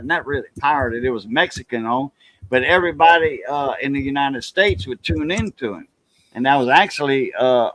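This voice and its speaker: This Cajun-accented channel host keeps things easygoing, meandering through homespun stories punctuated by laughter. His mid-range voice is a bit bright, and there's no room sound at all.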